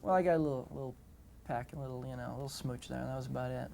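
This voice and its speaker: A man tells a rambling, friendly story in a quick, gravelly voice. He keeps throwing in you-knows. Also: mid-range voice, steady tone, a little mellow, a little hiss or hum. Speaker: actor guest. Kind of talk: casual interview anecdotes.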